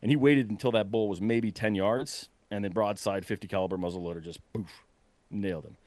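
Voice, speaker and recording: A young man casually telling a long story, animated and breathless, full of fillers and quick laughs. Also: lowish voice, dry recording. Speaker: podcast guest telling a hunting story.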